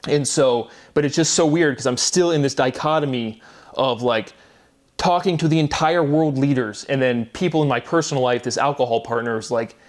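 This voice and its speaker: A man in a solo video monologue, rambling and repeating himself, agitated and swearing often. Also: mid-range voice. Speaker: vlogger.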